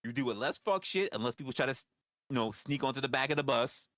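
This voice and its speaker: A man's voice: mid-range voice, lively intonation, fast talker, fairly bright tone, no echo, studio quality. A man, rambling through profane stories on a casual livestream. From New York. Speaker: livestream host.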